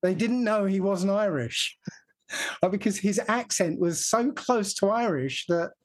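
A man's voice: sits high, measured pace. A man from England explaining a point at length in casual conversation, laughing now and then.

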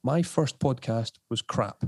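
A man in casual interview chat, an animated storyteller who jumps into high voices when quoting others. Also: slow pace, husky, dry recording, studio quality. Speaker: podcast guest.

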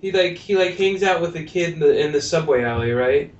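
A man's voice: expressive, brisk. Male podcast co-host, rambling and jokey, recorded from across the room on a muffled mic. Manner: rambling, laughs often, acts out lines. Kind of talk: casual movie review chat. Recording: distant roomy lo-fi mic with faint rumble.

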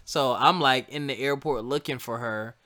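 A man casually telling a funny personal story to listeners, animated and laughing often. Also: mid-range voice, moderate pace. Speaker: co-host telling a couple's story.

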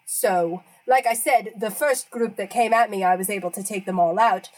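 A woman's voice: mid-range voice, normal speed, close to an everyday voice, poor audio. A woman voicing a polite, nerdy male wizard scholar who speaks formally and hesitates often. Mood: earnest. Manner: hesitant, filler-heavy, formal. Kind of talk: in-character tabletop role-play.

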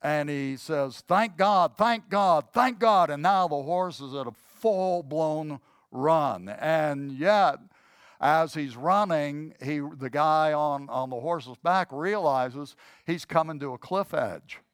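A conversational preacher, dry and close. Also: male voice, a little high, slow pace, clear, resonant tone, no echo. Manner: conversational, with many fillers and restarts. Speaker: pastor. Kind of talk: sermon with a told joke story.

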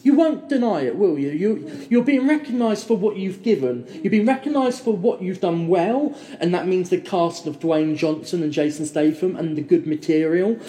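A man's voice: high voice, expressive, moderate pace, few pauses, warm tone. A man chatting casually about films as a podcast co-host, rambling and enthusiastic. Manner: enthusiastic, rambling, quotes people in put-on voices. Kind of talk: casual film chat. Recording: echoey room.

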